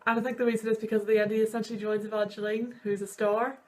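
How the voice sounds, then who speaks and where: A student in her twenties who hosts videos races through rambling, emotional reactions to sad film scenes, gushing and sniffling along the way. Her voice is on the high side with a darkish tone, yet her delivery stays flat.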